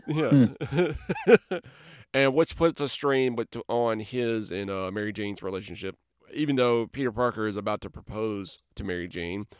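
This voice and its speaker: A man hosting a podcast in casual chat, lively and chatty, laughing often. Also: lowish voice, normal speed, smooth, no echo, studio quality. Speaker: podcast host.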